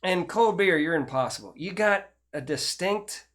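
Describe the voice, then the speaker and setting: A man's voice: sits high, lively intonation, moderate pace, a bit bright. Older chatty man. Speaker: host. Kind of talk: casual chat.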